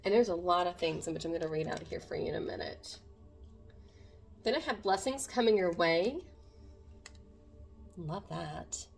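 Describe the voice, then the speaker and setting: A woman's voice: lowish voice, normal speed, gravelly, pauses often, faint music behind. A woman doing a casual tarot reading to camera, talking to viewers in an earnest, meandering way. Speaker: tarot reader.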